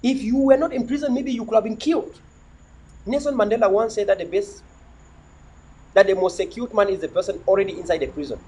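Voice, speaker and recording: High, husky, preachy man. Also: a little mellow, poor audio. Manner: preachy, repetitive, rhetorical questions. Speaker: livestream host. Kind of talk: impassioned livestream monologue.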